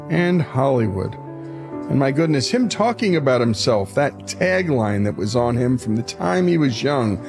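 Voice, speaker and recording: A male radio host delivers a scripted wrap-up in an earnest, admiring tone. His voice is gravelly, and guitar music plays clearly beneath him. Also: medium pitch. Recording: spoken over loud music bed.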